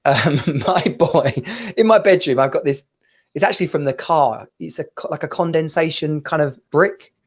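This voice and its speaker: Man, thirties, casual podcast co-host, slightly high voice, lively storytelling, laughs often. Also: normal speed. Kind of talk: casual chat.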